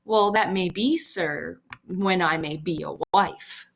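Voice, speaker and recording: A woman reading a defiant, desperate teenage girl in a Shakespeare scene, her voice lifting high and impassioned. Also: slow pace, gravelly, a bit bright, heavily acted. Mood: sassy. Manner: high, impassioned, rising to cries.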